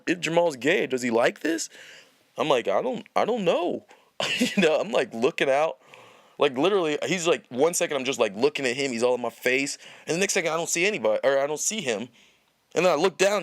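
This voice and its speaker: A man's voice: a little high, no echo, studio quality. A young man hosting a podcast, telling a long story in a rambling, profane way with many restarts. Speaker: podcast host. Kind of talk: casual storytelling.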